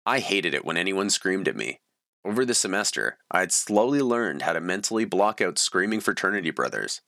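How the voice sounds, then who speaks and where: A man's voice: sits low, sing-song, fairly quick, vocal fry, pushed and bright, dry recording, clean studio sound. A man reading his own story aloud in a plain, matter-of-fact way. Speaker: memoir reader.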